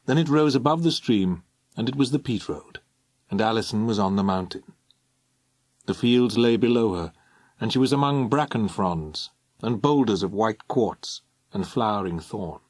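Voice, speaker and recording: A somewhat low-voiced man reads an audiobook script with measured expression. It's a dry, studio-quality recording.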